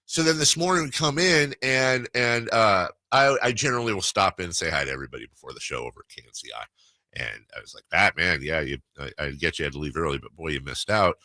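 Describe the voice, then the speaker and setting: A man's voice: deep voice, expressive, quick pace, bright, forceful tone, no room sound. A man hosting a sports radio talk show, telling a rambling story in casual chat with many restarts. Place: radio studio.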